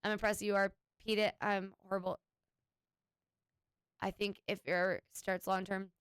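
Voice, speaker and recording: A woman's voice: mid-range voice, flat delivery, a little slow, clean tone, no echo. A woman streamer chatting casually with her viewers, rambling and swearing now and then. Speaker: Twitch streamer.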